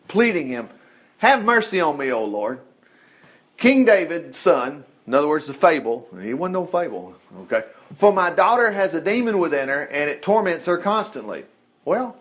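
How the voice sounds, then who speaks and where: A man preaching a sermon in a folksy, animated way, often laughing and acting out quotes. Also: high voice.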